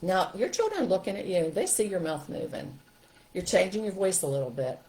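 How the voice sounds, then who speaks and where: An older woman teaching a live video lesson as a parenting coach, animated and chatty. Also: lowish voice, a little fast.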